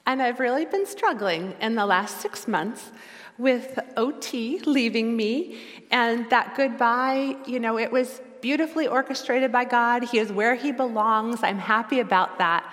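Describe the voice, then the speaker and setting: A middle-aged woman giving a sermon as a lay preacher, earnest and reflective, slowing down for quoted scripture. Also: on the high side, a bit bright, big-room sound.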